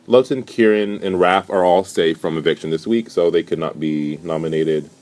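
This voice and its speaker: A man's voice: sits low, a little mellow. A young man giving a casual, gossipy recap of a reality show with a sarcastic, rambling manner. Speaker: vlogger.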